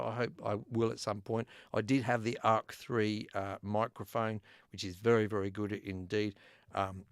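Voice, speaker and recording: An Australian man runs a live YouTube giveaway stream, chatting casually, laughing often, and reading names from the chat. His voice is lowish, and the recording is dry with clean studio sound.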